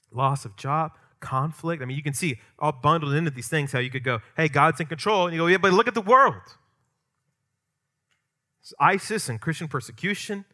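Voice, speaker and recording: Bright-voiced emphatic male pastor preaching. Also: on the high side. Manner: emphatic, rising and dropping to quiet for stress; conversational with asides and light humor. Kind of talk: sermon.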